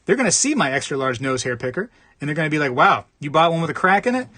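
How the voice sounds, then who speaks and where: A man's voice: a little high, big pitch swings, fast, sharp tone, no echo, exaggerated voice. Man putting on a whiny buyer, raised and wheedling. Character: whiny, scheming male online buyer.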